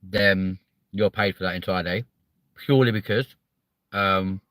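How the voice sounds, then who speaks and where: A man chats casually on a live stream, reading out the chat. His voice sits low but comes across bright and forceful. The sound is close and dry, and he swears freely and fills gaps with ums. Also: fairly even intonation, unhurried, no echo.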